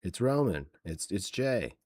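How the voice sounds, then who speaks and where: A man's voice: lowish voice, big pitch swings, measured pace, darkish tone, no room sound. A man hosting a wrestling podcast, ranting sarcastically in casual chat with many fillers. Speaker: podcast host.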